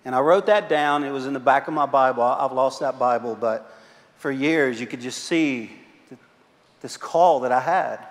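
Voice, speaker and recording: A man's voice: mid-range voice, normal speed. A man preaching a sermon as pastor, telling self-mocking, humorous stories to his congregation. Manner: joking, self-mocking storyteller. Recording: long hall reverb.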